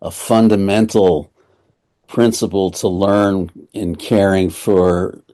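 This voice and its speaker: Male author guest, very low pitch, reflective and measured. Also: steady tone, mellow. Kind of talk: conversational interview.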